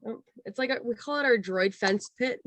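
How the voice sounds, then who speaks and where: A young woman in her twenties, a guest on a casual interview, telling a long personal story with lots of "like" and acting out quotes in a higher voice. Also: moderate pace, a bit bright, no room sound. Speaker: guest, former theme park cast member.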